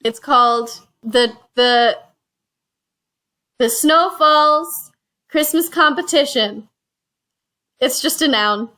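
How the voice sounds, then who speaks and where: A woman's voice: high voice, slow, long pauses, sharp tone. A woman hosting a casual chat, recorded on a phone, animatedly retelling a story and slipping into quoted voices. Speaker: reviewer and show host. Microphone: phone used as camera.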